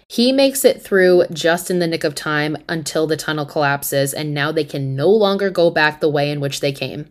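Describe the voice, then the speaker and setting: Low-voiced woman recapping a horror film. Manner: animated, profane, slangy storytelling. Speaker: podcast host. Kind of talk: casual movie recap.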